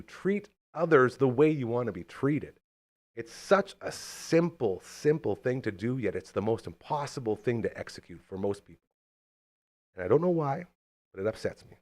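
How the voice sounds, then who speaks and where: A man hosting a podcast in casual chat, talking in an animated, fired-up, rambling way. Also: mid-range voice. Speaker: podcast host.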